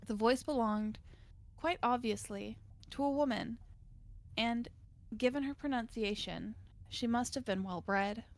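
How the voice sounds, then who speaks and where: A woman streamer narrating a visual novel in a steady, measured reading voice. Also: a little high.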